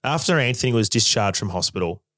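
A man's voice: fairly low pitch, expressive, fast talker, a bit bright, dry recording, studio quality. A man giving scripted documentary narration in a wry, dramatic way.

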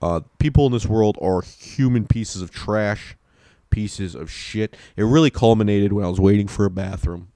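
Low-pitched young guy rambling thru a crude funny story, swears a lot, gets worked up, dead dry sound. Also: moderate pace, no echo. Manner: rambling, profane, excitable. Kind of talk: casual comic storytelling.

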